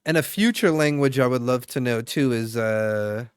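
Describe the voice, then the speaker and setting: Young male streamer, rambling casual chat with viewers, smooth clear voice, dry close sound. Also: medium pitch, moderate pace, dry recording. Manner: rambling, chatty, full of fillers and restarts.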